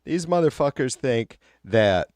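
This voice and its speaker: A man's voice: mid-range voice, very animated, measured pace, darkish tone, no room sound, clean studio sound. A man hosting a live stream, reading viewer comments and ranting bluntly about politics with a lot of swearing. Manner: blunt, heated, swears often. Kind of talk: casual profane political rant.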